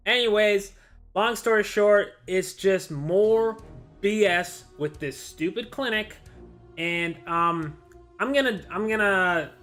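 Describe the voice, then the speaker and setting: Man, somewhat high pitch, casual vlog rant, frustrated, rambling, faint background music. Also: a bit bright. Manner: frustrated, rambling, lots of "I'm like" and restarts. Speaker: vlogger.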